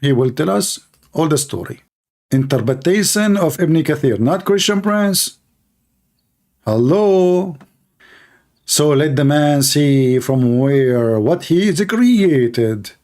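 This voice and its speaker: A man's voice: a little high, animated, takes it slowly, a little mellow. A man giving sarcastic, mocking livestream debate commentary in broken English. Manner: broken, non-native English phrasing. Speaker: online debater.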